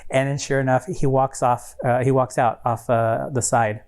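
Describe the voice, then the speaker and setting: A man's voice: mid-range voice, level tone, normal speed, a little mellow. A man co-hosting a podcast, telling a story in casual chat, rambling with many fillers and restarts. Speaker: podcast co-host.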